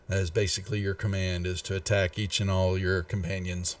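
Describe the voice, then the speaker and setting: A man narrating as game master in a live-streamed tabletop game, halting and restarting as he checks the rules. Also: sits low, little pitch movement, far from the mic. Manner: halting, with many restarts and fillers.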